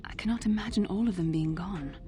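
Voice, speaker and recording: An actress playing a solemn, earnest young female Jedi in a video game, speaking gravely and sometimes sinking to a soft near-whisper. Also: mid-range voice, a little fast, natural voice. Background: game music.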